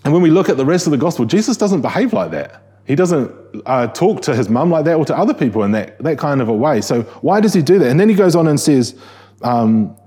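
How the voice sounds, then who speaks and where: Mellow husky New Zealand preacher. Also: male voice, fairly high pitch, lively intonation, quick pace. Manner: conversational, restarting phrases, rhetorical questions. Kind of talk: sermon.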